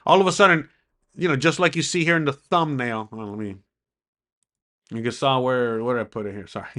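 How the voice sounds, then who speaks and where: Bright-voiced excitable man telling a story. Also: medium pitch. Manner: excitable, swearing, acts out the quoted dialogue. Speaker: vlogger. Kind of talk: casual storytelling to camera.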